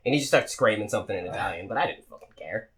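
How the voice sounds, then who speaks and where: Animated man telling a story. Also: lowish voice, rapid-fire. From Massachusetts. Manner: animated, acts out voices in his stories. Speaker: podcast host. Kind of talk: casual storytelling chat.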